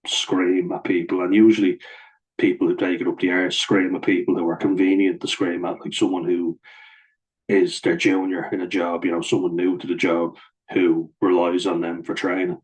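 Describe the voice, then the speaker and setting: A man's voice: sits low, level tone, moderate pace, poor audio. An Irish man telling a story straight to camera, blunt and venting, with heavy swearing. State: wearing a blood-pressure cuff. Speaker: vlogger.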